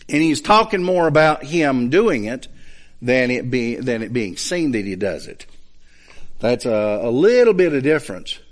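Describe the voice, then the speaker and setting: A man teaching a Bible study lesson, explaining points step by step and checking in with his listeners. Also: a little high. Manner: explains slowly, checks understanding with asides.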